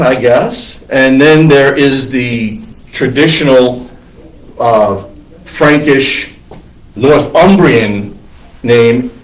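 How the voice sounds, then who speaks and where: A priest lecturing on church history in a classroom, wandering into digressions with many ums and uhs. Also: male voice, mid-range voice. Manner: discursive, digressive with many fillers. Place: classroom with students. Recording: roomy classroom from far off.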